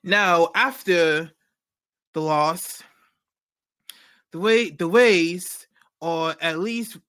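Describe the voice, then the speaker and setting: A man's voice: a little high, very slow, bright, forceful tone, clean tone. A man hosting a comedy news segment, reading jokes with frequent stumbles and self-corrections. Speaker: comedy show host.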